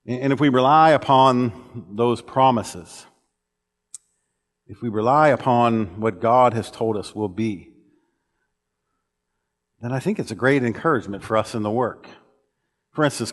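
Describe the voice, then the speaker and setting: A man delivers a sermon from the pulpit of a church auditorium, his voice sitting at an ordinary middle pitch. He tells stories in an earnest way and often restarts his phrases. The sound carries a long, lingering reverb from the church hall. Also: unhurried, pauses often. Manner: earnest storytelling with frequent restarts. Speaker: preacher.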